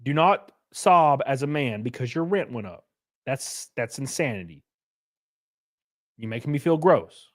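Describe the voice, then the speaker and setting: A man's voice: medium pitch, expressive, a little slow, long pauses. A man hosting a live stream, ranting bluntly and profanely and reading chat messages aloud. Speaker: streamer host. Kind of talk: casual live-stream reaction rant.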